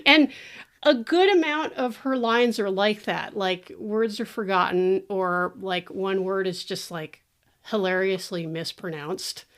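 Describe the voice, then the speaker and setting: A woman hosting a podcast, chatting casually about a movie, animated and laughing often. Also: mid-range voice, unhurried. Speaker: podcast host. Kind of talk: casual movie-review chat.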